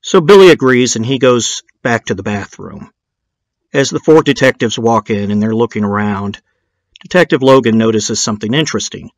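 A man's voice: medium pitch, moderate pace, no echo. A man narrating a true-crime documentary in a casual storytelling way, dropping in blunt, swearing asides.

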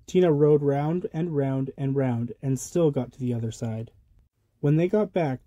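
A man reading a children's picture book aloud with a lively, rhythmic delivery of sound words. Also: a little high, normal speed, no room sound. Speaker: storybook reader. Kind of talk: children's storybook read-aloud.

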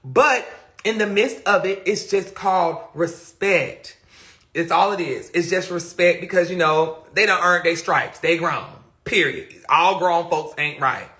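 Streaming live from his phone indoors, a young man speaks at a measured pace in a high, pushed, bright voice. He talks in a loose, rambling, reflective way, often trailing off into mutters and questioning himself, via the phone mic.

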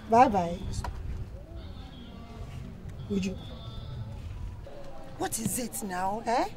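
A fiery Nigerian mother. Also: a little high. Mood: scolding. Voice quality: loud, scolding, repetitive shouting. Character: bossy, fiery Nigerian mother, middle-aged. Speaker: mother in a film. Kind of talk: film dialogue.

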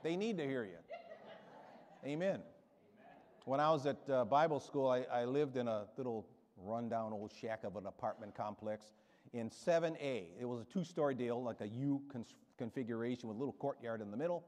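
A man's voice: mid-range voice, normal speed, a little mellow. A man in his seventies preaching a sermon as a guest preacher, rousing and emphatic, with storytelling asides. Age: 70s. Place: church sanctuary. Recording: reverberant church hall.

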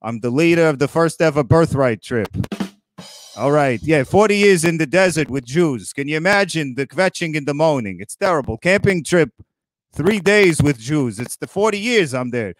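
A man playing Moses as a grumpy old Brooklyn man, hosting a comedy roast with sarcastic rapid-fire jokes. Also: a little high, animated, dry recording, lightly acted. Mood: kvetching. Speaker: roast host.

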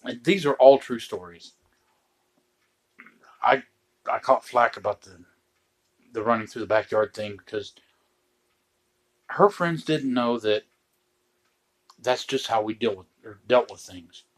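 A middle-aged man telling true stories from home in a casual chat, with dry, deadpan joking asides. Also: mid-range voice, unhurried, pauses often.

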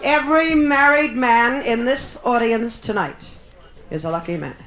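A woman's voice: on the high side, measured pace. A woman doing bawdy live stand-up comedy in a Las Vegas showroom, teasing the audience with brassy banter. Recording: roomy live club recording, loud crowd.

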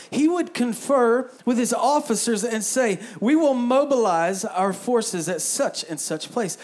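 Animated high-voiced male pastor preaching. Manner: animated, joking, acts out inner voices. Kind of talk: sermon. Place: church sanctuary.

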